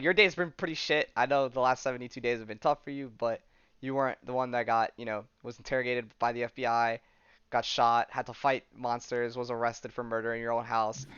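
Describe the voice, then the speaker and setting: A podcast host casually retells a comic book story, rambling and leaning on "she's like" plus lots of fillers. His medium-pitched voice is clear, resonant, and fairly bright, and the recording has no echo but sounds lo-fi.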